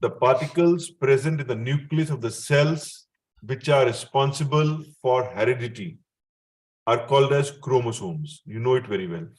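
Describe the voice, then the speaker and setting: A man's voice: medium pitch, normal speed. Indian-accented man, patient chemistry tutor, mid-range voice, checks in with the student. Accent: Indian English. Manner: checks in with the student often, chuckles at his own remarks. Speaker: chemistry teacher. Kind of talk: explanatory classroom lecture.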